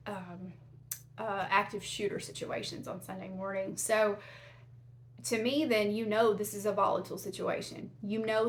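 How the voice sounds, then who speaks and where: Chatty woman hosting a true crime vlog. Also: medium pitch. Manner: chatty, many fillers and restarts. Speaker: true crime channel host. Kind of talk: casual commentary to camera.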